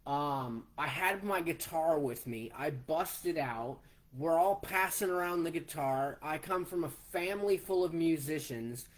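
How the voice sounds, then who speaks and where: A man in his forties recounts a personal story at an unhurried pace. He talks plainly and takes events one step at a time. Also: fairly high pitch. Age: 40s. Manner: slow, plainspoken, retelling step by step. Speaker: vlogger.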